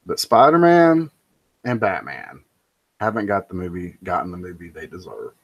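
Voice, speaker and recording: A man's voice: low-pitched, sing-song, normal speed, muffled recording. A man giving an opinionated, rambling monologue, emphatic and prone to ranting. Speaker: pop culture commentator.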